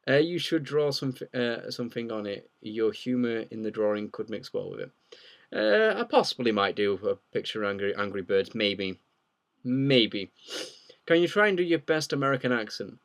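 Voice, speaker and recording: A man's voice: medium pitch, lively intonation, moderate pace. A young man hosting a casual live Q&A, rambling and joking as he reads viewer questions aloud. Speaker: livestream host.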